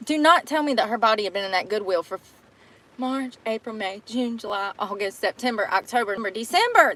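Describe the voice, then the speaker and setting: A woman's voice: on the high side, animated, brisk, fairly bright tone. A young woman, chatting casually and reacting to a news story with blunt, laughing disbelief.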